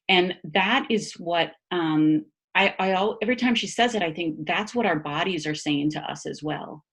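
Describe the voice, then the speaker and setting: Animated woman explaining body-mind therapy. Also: lowish voice, normal speed, few pauses, husky. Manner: animated, laughs often, many fillers and restarts. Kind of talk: casual conversational explanation.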